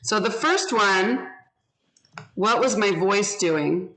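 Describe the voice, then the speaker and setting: A woman teaches an online class over a video call, taking her time with each phrase. She draws words out syllable by syllable so her students can copy them. Her voice sits in a middle register, and the pace stays unhurried throughout. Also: medium pitch, lively intonation, a bit bright, poor audio. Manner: slow, deliberate, models inflection and syllables.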